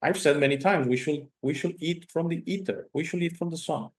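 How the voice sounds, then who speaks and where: A man's voice: a little high, brisk. A male host with Spanish as his first language, telling stories emphatically and tagging sentences with "okay?". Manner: animated storytelling, frequent "okay?" tags, emphatic. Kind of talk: casual conversation.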